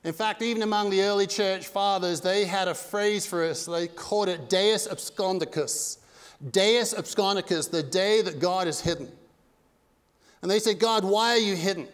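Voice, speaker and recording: A high-pitched man preaching a sermon with earnest, conversational energy and casual asides. His voice rings out in a church hall with a long, lingering reverb. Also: normal speed, clean tone. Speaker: pastor. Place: church sanctuary.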